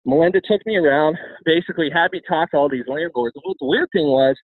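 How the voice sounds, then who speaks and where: Fast-talking man on a tinny line. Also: on the high side, lively intonation, no room sound. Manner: rapid, with frequent restarts and repeated words. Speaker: guest telling his life story. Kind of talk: candid personal storytelling. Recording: tinny phone-like sound, dry.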